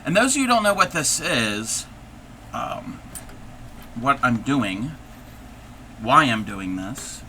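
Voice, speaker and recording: Male craft streamer, very bright, sharp tone, thinks aloud while working, faint AC hum behind. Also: mid-range voice, very animated, slow pace, pauses often. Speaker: live-stream host. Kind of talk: casual live-stream chat while crafting.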